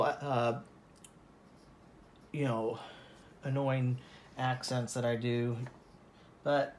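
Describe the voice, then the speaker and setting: A man's voice: medium pitch, little pitch movement, very slow, pauses often, a little mellow, roomy sound, slight background noise. A man from Colorado giving a casual oil painting lesson, rambling and self-deprecating, with many fillers. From Colorado, USA.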